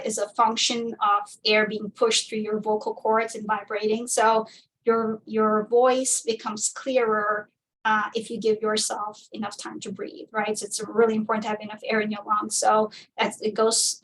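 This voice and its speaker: A woman's voice: on the high side, fairly bright tone. A woman physician giving an informal talk, speaking conversationally with many fillers and restarts. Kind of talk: informal presentation lecture. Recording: distant mic, faint background noise.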